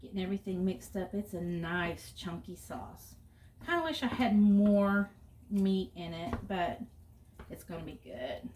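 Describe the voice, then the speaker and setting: A woman's voice: fairly low pitch, animated, measured pace, a little mellow, far from the mic. A middle-aged woman talks casually while she cooks, drifting into rambling stories between steps. She stands a little back from the mic in a roomy home kitchen. Faint ambient noise sits behind her. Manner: chatty storyteller, rambling asides. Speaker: cooking vlogger. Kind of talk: casual chat while cooking.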